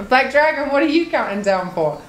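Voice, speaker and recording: A woman's voice: sits high, lively intonation, measured pace, echoey room. A young woman streaming live, reading her chat aloud with swearing and lots of laughter. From United Kingdom.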